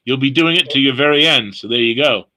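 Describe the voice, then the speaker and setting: Bright-voiced man leading scripture study. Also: mid-range voice, poor audio. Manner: explains word meanings slowly, repeating phrases. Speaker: Bible study leader. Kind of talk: teaching a scripture study session.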